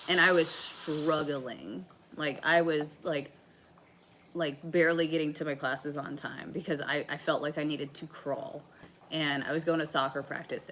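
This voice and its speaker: A woman's voice: sits low, fairly bright tone, a little hiss or hum, rough recording. A sick woman from the American South, a livestream host telling a story casually, with plenty of fillers and swearing. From Southern United States. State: sick with a bug.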